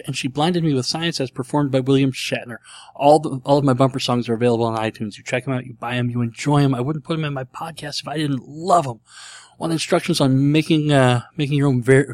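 A young man hosting his podcast in a casual, jokey, self-mocking way, full of quick asides. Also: medium pitch, no echo. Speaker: podcast host.

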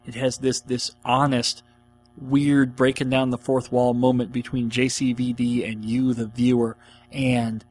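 A man's voice: mid-range voice, a little hiss or hum. A man hosting a podcast, answering listener questions in an enthusiastic, rambling casual chat. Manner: enthusiastic, rambling, laughs often.

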